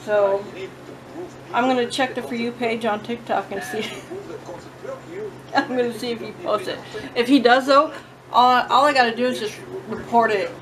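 A woman filming herself at home, telling a story-time vlog in a chatty, animated, blunt way. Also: fairly high pitch, measured pace, pauses often, crowd noise. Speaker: vlogger. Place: at home with her cats. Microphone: own phone or camera, self-filmed.

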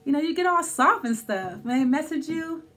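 Casting note: woman tarot reader, high voice, rambling and conversational. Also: expressive, normal speed, a bit bright, a little hiss or hum. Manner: thinking aloud, many restarts and fillers. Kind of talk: casual tarot reading.

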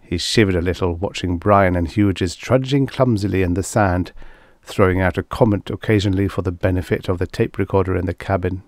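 A male narrator reads a science fiction story at a measured storytelling pace. His voice sits low. The recording is close and dry, with no room sound. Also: fairly even intonation, a little mellow, no room sound. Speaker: audiobook narrator. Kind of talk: scripted audiobook narration.

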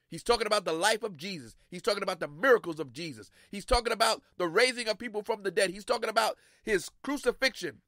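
A male pastor preaching a sermon, repeating key phrases and swinging between hushed and loud delivery. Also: high voice, fast, hardly any pauses, no room sound, clean studio sound.

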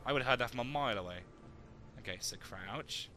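A young man, joking and excitable as he comments on his own gameplay and talks to his viewers. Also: medium pitch, fairly quick, slight background noise. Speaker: let's play gamer.

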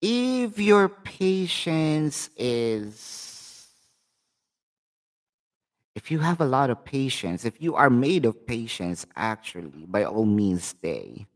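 A man with a Filipino accent hosting a live tarot reading, speaking chatty and direct to his viewers. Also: mid-range voice. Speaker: tarot reader and channel host.

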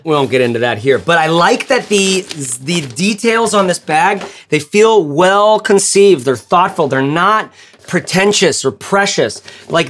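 A man's voice: high-pitched, fairly bright tone. A man hosting a casual gear review vlog, rambling and joking with lots of filler words and the odd profanity. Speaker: gear reviewer and channel host.

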